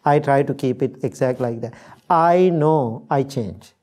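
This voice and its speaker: A man's voice: mid-range voice, unhurried, darkish tone. A middle-aged Sri Lankan man, a Buddhist monk, giving a dharma talk to an audience and telling stories with acted-out quotes. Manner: storytelling with acted-out quotes, laughs easily.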